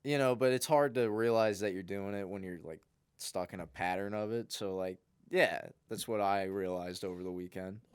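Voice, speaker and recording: A young man, a podcast co-host, telling a long, rambling story in a casual, animated way. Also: fairly low pitch, normal speed, clear, resonant tone, dry recording.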